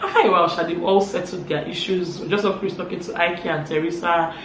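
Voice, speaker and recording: A woman's voice: on the low side, fairly even intonation, fairly quick, fairly bright tone, slight background noise. Chatty Nigerian woman recapping gossip, echoey room. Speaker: vlogger. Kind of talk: casual reality-show recap.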